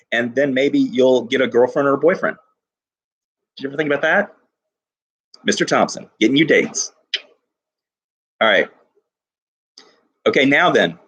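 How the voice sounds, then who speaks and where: A male teacher giving an enthusiastic poetry lesson to his class, reading lines slowly and stressing each syllable. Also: medium pitch, a bit bright, breathy edge.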